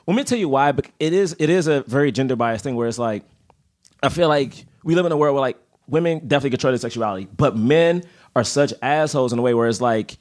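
A man talking through a casual podcast chat, excitable and rambling, often laughing between thoughts. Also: medium pitch, quick pace. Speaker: podcast guest.

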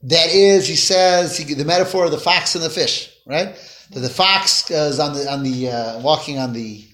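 A man teaching a Torah class to a small group, telling stories in an animated way with voiced quotes and Hebrew phrases. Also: a little high, moderate pace. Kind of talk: informal class storytelling. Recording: echoey room.

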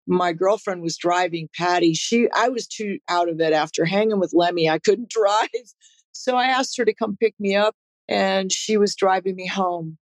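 A woman's voice: medium pitch, dry recording, low-quality recording. A woman guest in a casual interview, laid-back and laughing easily as she tells stories. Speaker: guest, rock musician.

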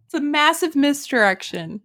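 A woman's voice: high-pitched, expressive, moderate pace, a bit bright. A woman with a Southern US accent, a podcast guest in casual chat who laughs often while guessing.

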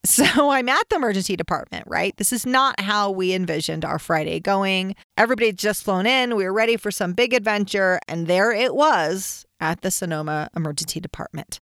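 A woman host telling a personal story in a casual, animated way. She laughs often and acts out the shouts of other people. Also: medium pitch, fairly quick, hardly any pauses, no echo, clean studio sound.

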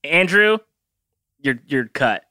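A man's voice: a little high, sing-song, slow, sharp tone, dry recording, studio quality. A man chatting on a podcast as guest co-host, joking and laughing often over a remote call. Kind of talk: casual podcast chat.

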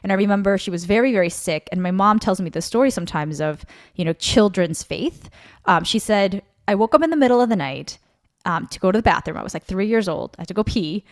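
A woman's voice: medium pitch, lively intonation, fast. A woman co-hosting a podcast, sharing a personal story in a rambling, chatty way full of fillers and self-corrections. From Korea. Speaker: podcast co-host. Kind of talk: casual testimony chat.

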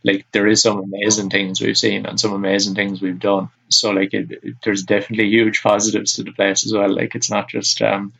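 A young Irish man chatting casually as a podcast guest, relaxed and rambling with lots of fillers. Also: on the low side, brisk, gravelly, few pauses, breathy edge, rough recording. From Ireland. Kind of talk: casual chat.

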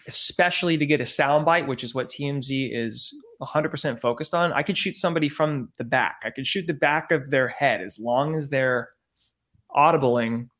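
A man, a podcast guest, casually telling an animated story and acting out the dialogue, peppered with "like" and "I go". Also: on the high side. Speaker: podcast guest, former celebrity news field producer.

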